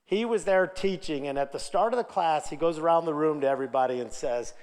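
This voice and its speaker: Energetic man telling a keynote story. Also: on the high side, a little fast, few pauses, clear, resonant tone. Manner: energetic, animated, acts out quoted dialogue. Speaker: conference speaker. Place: large conference hall. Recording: hall reverb.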